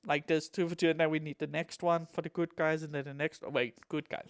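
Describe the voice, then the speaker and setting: A man co-hosting a casual hobby podcast, excitable and jokey, swearing freely. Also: a little high, a little fast, no echo, clean studio sound. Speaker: podcast co-host.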